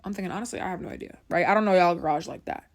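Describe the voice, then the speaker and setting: A woman's voice: lowish voice, racing. Chatty young woman telling a story. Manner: chatty, keeps asking "right?". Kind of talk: casual storytime.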